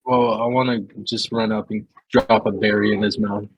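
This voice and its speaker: A man's voice: on the low side, level tone, moderate pace, crowd noise, rough recording. A man playing a tabletop game online, chatting casually and asking about rules. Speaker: player.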